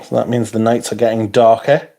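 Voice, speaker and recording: Hosting a casual livestream, a worn-out man from North East England reads out viewer comments, rambling and putting himself down amid frequent yawns and interjections. His medium-pitched voice is creaky and mellow, level in tone, and fairly quick.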